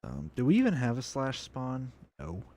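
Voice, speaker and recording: A man's voice: mid-range voice, wildly swooping pitch, normal speed, warm tone. A young man giving casual, rambling commentary on a video game as he plays, thinking aloud. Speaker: gameplay video creator.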